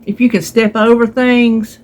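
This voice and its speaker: Filmed on a phone at home, a North Carolina woman tells her viewers about a therapy session, voicing what was said along the way. She speaks in a fairly high, level tone without rushing.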